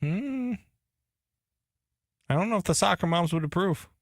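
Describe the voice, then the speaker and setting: A man co-hosting a sports radio show, giving animated, emphatic opinions in casual banter. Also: sits high, unhurried, no room sound, clean studio sound.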